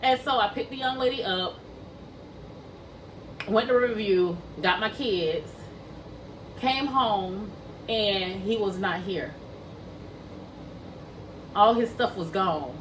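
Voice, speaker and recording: A woman's voice: mid-range voice, slow pace, pauses often, far from the mic, a little hiss or hum, low-quality recording. A woman casually tells a personal story to her viewers, talking them through it and acting out what people said. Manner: chatty, addresses viewers as y'all, acts out quoted dialogue. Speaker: vlogger telling a personal story.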